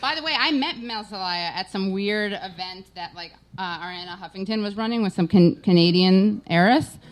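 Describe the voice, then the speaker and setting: A woman's voice: medium pitch, normal speed. Chatty woman host telling jokey stories. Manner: rambling, joking anecdotes. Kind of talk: live podcast banter.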